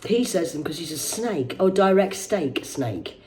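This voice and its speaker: A woman rambles through the celebrity headlines, swearing and drifting into mock outrage. Her pitch swings widely from low mutters to high indignant peaks. Her tone is dark and mellow. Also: animated, measured pace. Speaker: host reading celebrity news. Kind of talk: casual news commentary.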